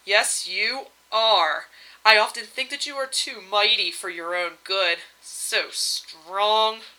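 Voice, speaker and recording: A woman reading aloud, voicing a regal goddess wife who is doting but reproachful, in a bright voice. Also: fairly high pitch, lively intonation, moderate pace, poor audio. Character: regal goddess wife, fussy and sweetly demanding.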